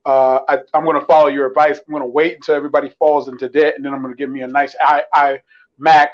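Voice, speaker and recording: A man calling in to a casual chat, talking in halting bursts with many ums and restarts. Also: fairly high pitch, little pitch movement, muffled recording. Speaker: caller.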